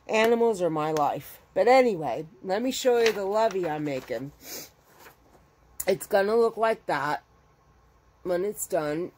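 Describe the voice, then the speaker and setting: A woman's voice: fairly low pitch, darkish tone, a little hiss or hum. A middle-aged woman chatting casually as a crochet vlogger at home, rambling and emotional as she talks. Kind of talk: casual chat. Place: home with her dogs.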